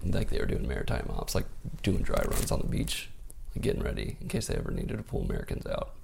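A man telling a personal story in a laid-back, casual way, full of "like" and "dude", growing animated and proud as he goes. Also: a bass voice, quick pace, vocal fry, very noisy. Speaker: podcast guest.

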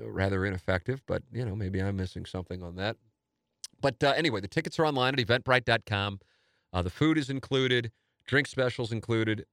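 A man with a St. hosts his own podcast, talking on his own in a loose, rambling way. He sounds eager and pokes fun at himself. His voice sits a little low, recorded close and dry with no room sound. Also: a bit bright, dry recording. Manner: rambling, enthusiastic, self-deprecating. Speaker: podcast host. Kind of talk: casual solo podcast talk.

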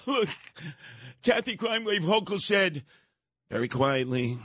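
A man's voice: high-pitched, lively intonation, a little slow, pauses often, sharp tone, no echo. A man hosting a political talk radio show, combative and mocking. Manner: combative, mocking, uses nicknames.

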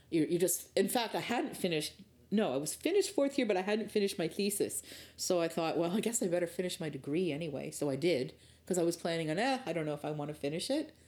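A woman's voice: deep voice, darkish tone. A middle-aged woman from rural Ontario, Canada, recounting her early career in a candid, thoughtful interview. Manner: candid, thoughtful, with frequent restarts. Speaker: guest. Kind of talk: reflective interview storytelling.

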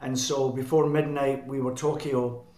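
A man's voice: medium pitch, little pitch movement, moderate pace, warm tone, a little hiss or hum. Scottish man telling stories, roomy sound. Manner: rambling, self-correcting, chuckling. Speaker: band frontman, guest. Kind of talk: anecdotal storytelling. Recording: roomy echo.

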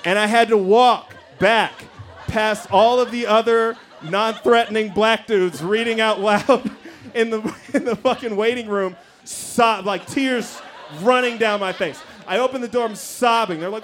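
A man from Denver, Colorado, telling a comic story on stage at a live show, animated and profane, acting out his own panic. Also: sits high, measured pace, slight background noise. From Denver, Colorado, USA. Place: theater stage before a live audience.

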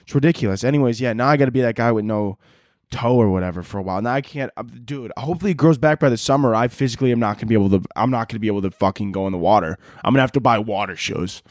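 A man's voice: medium pitch, rapid-fire, dry recording, clean studio sound. Profane, ranting young man. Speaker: podcast host. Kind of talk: casual solo rant.

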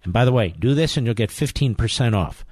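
A man's voice: medium pitch, expressive, quick pace, a little mellow, no room sound. A man hosting a talk radio show, taking callers and reading ads in an emphatic manner, repeating key phrases. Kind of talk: talk radio monologue and host-read ad.

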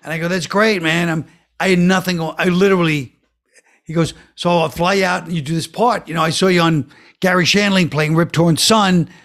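A man, a guest comedian, telling a story in casual talk and quoting others in a flat, low voice. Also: fairly quick.

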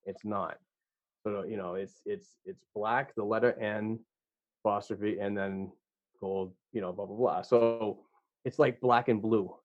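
A man with a Boston accent, a podcast guest chatting casually in a rambling, animated way with many restarts. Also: lowish voice, measured pace, dry recording. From Boston area, USA. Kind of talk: casual chat. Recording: dull lo-fi remote line.

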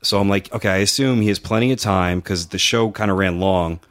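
Man, low voice, podcast co-host, casual storyteller, quotes people, swears a lot. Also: fairly quick, fairly bright tone. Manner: storytelling, acts out others' quotes, swears freely. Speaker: podcast co-host and wrestling promoter.

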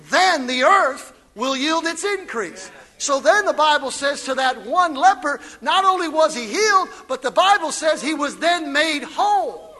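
A man preaching a fiery sermon as pastor, building from quiet reading to shouted calls. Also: very high voice, animated, normal speed.

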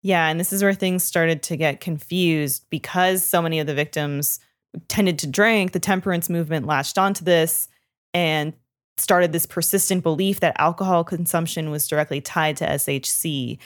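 Low-voiced woman co-hosting. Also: normal speed. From Canada. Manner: playful, teasing, laughs easily. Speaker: podcast co-host. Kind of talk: casual chat.

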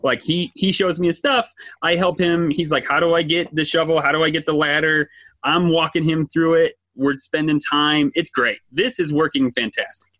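Man, podcast co-host, high pitch, lively anecdotal delivery, dry booth. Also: normal speed, dry recording. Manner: animated storytelling, acts out quotes. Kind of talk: casual chat.

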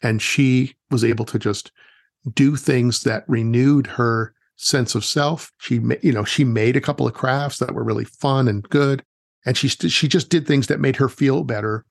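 A man who works as a wilderness educator, telling stories in a relaxed, chatty way during an interview and acting out the people he quotes. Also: medium pitch, vocal fry, no room sound, clean studio sound. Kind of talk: casual interview storytelling.

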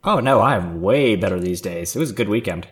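A man in his thirties who trades sarcastic, profanity-laced comebacks in casual podcast banter. His pitch moves around a lot as he talks. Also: expressive, brisk, husky. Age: 30s. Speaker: podcast co-host.

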